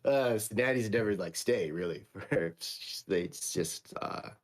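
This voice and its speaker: A man in a role-playing game, telling a bedtime story in a halting, rambling way full of fillers. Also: on the low side, expressive. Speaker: player.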